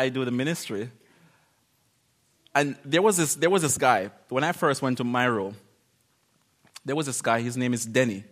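Animated man preaching casually. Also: medium pitch. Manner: conversational, animated, acts out quotes, laughs often. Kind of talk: informal sermon.

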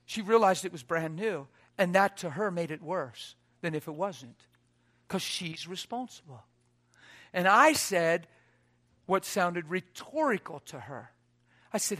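A high-voiced man preaches a storytelling sermon with a bright, ringing tone. He drops to soft, hushed quoted lines, then climbs to loud, near-shouted exhortation. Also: expressive, moderate pace.

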